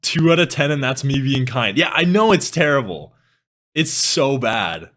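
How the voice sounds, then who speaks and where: A young man from Canada chatting casually on a live stream, animated, laughing often and swearing freely. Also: mid-range voice, moderate pace. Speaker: music streamer.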